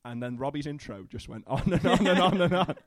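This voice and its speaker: A man's voice: on the high side, lively intonation, a little fast, dry recording, studio quality. Sardonic man on a podcast. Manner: storytelling, sweary, sardonic. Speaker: podcast co-host. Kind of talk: live podcast banter.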